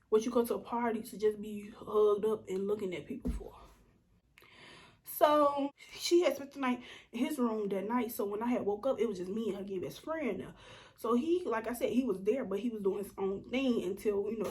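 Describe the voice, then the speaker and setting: A young woman telling a storytime vlog, animated and acting out what people said, sometimes dropping to a whisper. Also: mid-range voice. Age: young adult. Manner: animated, acts out quotes, slips into whispers. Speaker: vlogger.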